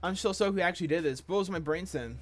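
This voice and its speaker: A man's voice: high voice, fast talker, soft background music, natural voice. A man reading aloud as a laid-back, chummy alien friend in a webcomic chat, in a casual, slangy voice.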